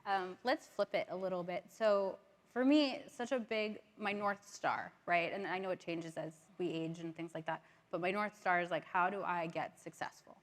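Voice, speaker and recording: A woman's voice: on the low side, moderate pace. A woman moderating a stage panel, chatty and encouraging with many affirmations. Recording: live stage, long hall reverb.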